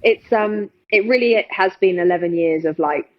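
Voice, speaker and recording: A middle-aged woman with an English accent speaks with earnest emphasis, leaning on repeated words. Her pitch sits in the middle, and her audio comes through a little dull and lo-fi. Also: moderate pace. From England. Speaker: sports television host, podcast guest. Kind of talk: casual interview chat.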